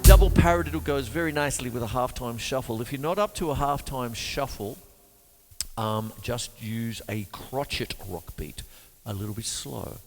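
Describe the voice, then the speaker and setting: This male drum instructor speaks in a mid-range voice at normal speed, joking and chatting while counting out the beats he plays. The space sounds large, faint music sits behind him, and his loud drums cover his voice.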